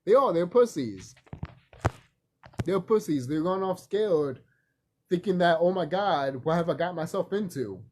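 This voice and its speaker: A man vlogging in a rambling, profane casual monologue, animated and laughing often. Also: high voice, a little slow, pauses often.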